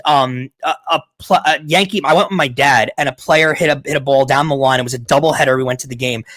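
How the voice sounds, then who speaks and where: A man co-hosting a podcast, chatting casually and recalling memories in a quick, rambling way. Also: on the high side, a bit bright, no echo. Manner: quick, rambling recollection with restarts. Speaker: podcast co-host. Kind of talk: casual chat.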